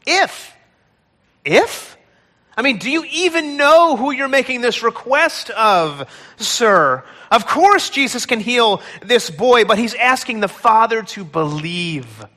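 A man preaching a sermon in a church, retelling a scripture story with dramatic, expressive delivery. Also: sits high, long reverb tail. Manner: dramatic storytelling, acting out pleas. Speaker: pastor. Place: large church hall.

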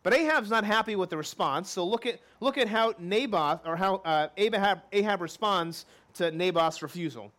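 High-voiced man preaching a sermon. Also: normal speed, few pauses, fairly bright tone. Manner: expository preaching with repeated key lines and acted quotes. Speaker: pastor.

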